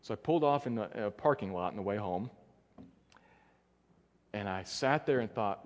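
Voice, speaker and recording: Pastor guy preaching, earnest, goes quiet and low for the big words, long church echo. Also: lively intonation, fairly quick. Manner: earnest, dropping soft and low for emphasis. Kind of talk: sermon. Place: church sanctuary. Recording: long church hall reverb.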